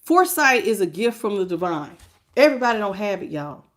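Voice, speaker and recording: A tarot reader, a woman, greets her viewers during a live-streamed reading. She is emphatic and preachy, very animated and brisk, swinging from low murmurs to loud outbursts.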